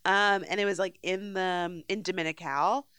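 A woman's voice: on the low side, steady tone, moderate pace, a bit bright, smooth, no room sound. A woman co-hosting a podcast in casual chat, playful and teasing, often laughing, recorded close on a podcast mic. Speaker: podcast co-host. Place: home podcast setup in New York.

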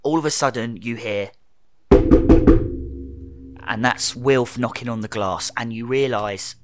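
A man's voice: mid-range voice, unhurried, loud music behind the voice. A young man ranting in casual chat, swearing freely and acting out quotes.

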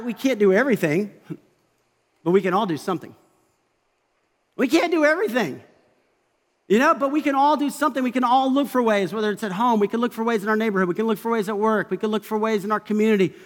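Pastor, male, high-pitched, conversational and lively sermon delivery, recorded in a reverberant church hall. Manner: conversational, animated preaching with asides.

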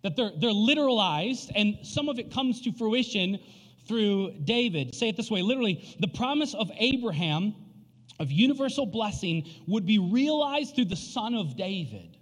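High-voiced animated pastor in a hall. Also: male voice, moderate pace. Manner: animated storytelling with frequent fillers. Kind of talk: sermon. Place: church sanctuary. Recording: long reverb of a church hall.

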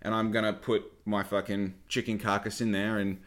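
A man's voice: on the low side, level tone, normal speed, a bit bright. A young man hosting a podcast, telling a long story in a rambling, digressive way and swearing a lot. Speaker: podcast host. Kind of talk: casual storytelling.

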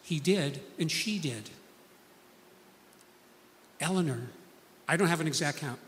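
A man's voice: a little high, expressive, unhurried, a bit bright, big-room sound, a little hiss or hum. A man preaching a sermon, telling stories earnestly and acting out the people he quotes.

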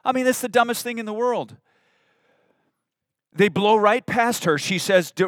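A male pastor preaching a sermon, expressive, with rising emphasis and humorous asides. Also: sits high, normal speed, pauses often, no echo, studio quality.

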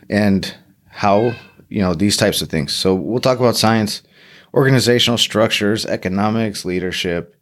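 A man's voice: low voice, normal speed. A man hosting his own podcast alone, talking casually and rambling with lots of fillers and self-deprecating asides. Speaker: podcast host. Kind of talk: solo podcast monologue.

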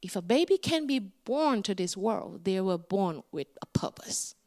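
A middle-aged woman, a guest speaker telling her story in an animated sermon with big swings in pitch. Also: unhurried. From Indonesia.

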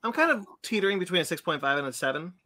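A man hosting a casual podcast chat, his voice bright and sharp, with pitch that swings freely up and down. He gropes for the right words as he talks. The delivery stays informal throughout. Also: very fast. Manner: lively, searching for words. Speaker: podcast host.

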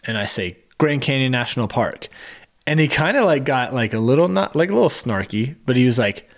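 A man's voice: mid-range voice, a little fast, vocal fry. A man co-hosting a podcast, telling a hiking story in casual chat and acting out what people said. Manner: animated storytelling, acts out quotes. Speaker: podcast co-host.

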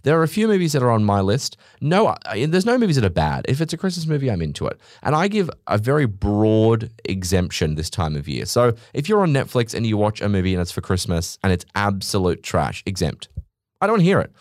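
A man's voice: lowish voice, big pitch swings, a little fast, no room sound, clean studio sound. A young Australian man hosting a solo podcast, ranting in a brash, sweary, theatrical way. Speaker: podcast host.

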